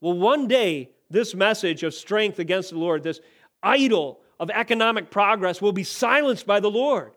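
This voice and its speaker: A man preaching a sermon, building to emphatic, forceful declarations and then dropping back to quieter explanation. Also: sits high, expressive, normal speed. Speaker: pastor.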